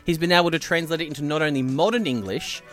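A man hosting a casual podcast chat, playful and quick to laugh as he tries out foreign at a studio table. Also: fairly high pitch, music in the background. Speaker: podcast host.

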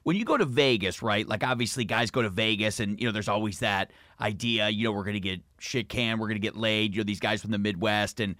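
A man's voice: lowish voice, fast talker, few pauses, a bit bright, no echo, studio quality. Curious rambling male co-host. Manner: curious, rambling question with many fillers. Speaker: podcast co-host. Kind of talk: casual podcast chat.

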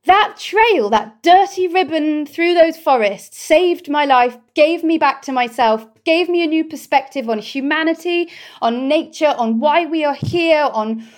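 A British woman with a voice that sits somewhat high speaks as an interview guest. She tells her story expressively and with open feeling, in an easy conversational way. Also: lively intonation, unhurried. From Britain.

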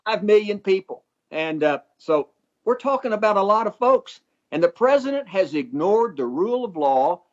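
An older man from Texas, a former congressman, speaking deliberately and folksily with dry humor as a guest on a talk show. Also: sits high, very animated, darkish tone. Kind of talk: phone-in interview. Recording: dull lo-fi line.

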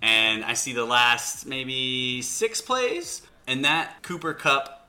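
A man co-hosting a sports podcast, telling stories in an animated, casual way. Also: medium pitch, slow. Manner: animated storyteller. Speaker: podcast co-host.

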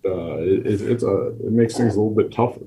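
Deep, mellow-voiced man coach chatting. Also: a little hiss or hum, poor audio. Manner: halting, repeats words and restarts. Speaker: college offensive line coach, podcast guest. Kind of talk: casual podcast chat.

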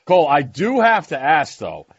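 A man's voice: fairly high pitch, huge pitch swings, husky, no room sound, dull audio. A man co-hosting a casual podcast chat, teasing and rattling off tips. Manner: teasing, gives rapid tips. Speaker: podcast co-host.

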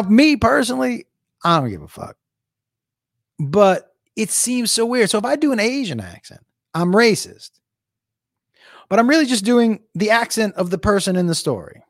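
A man hosting a podcast in a casual, rambling chat, animated and swearing freely. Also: on the high side, no echo, clean studio sound.

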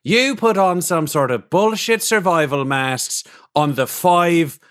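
A man's voice: on the high side, slow, a bit bright. A man voicing a defiant rebel leader delivering an ultimatum. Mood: menacing. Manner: menacing broadcast ultimatum. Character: defiant male rebel leader making demands.

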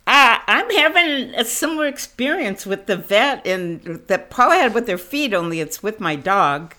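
A woman guest on a chat podcast, telling a rambling, animated anecdote and acting out the other people's lines. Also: on the high side, moderate pace. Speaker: manager, phone-in guest. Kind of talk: casual storytelling. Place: her own home.

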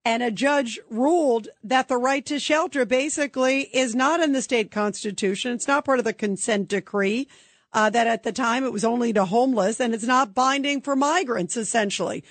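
Woman radio host taking calls, animated, does mocking voices, dry close sound. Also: a little high, measured pace, no room sound, soft background music. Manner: animated, acts out quotes mockingly. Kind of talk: call-in radio talk.

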